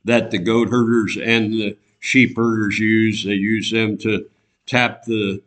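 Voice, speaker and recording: A man's voice: on the low side, flat delivery, slow pace, fairly bright tone. A man preaching an earnest broadcast sermon, repeating phrases for emphasis. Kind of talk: radio sermon.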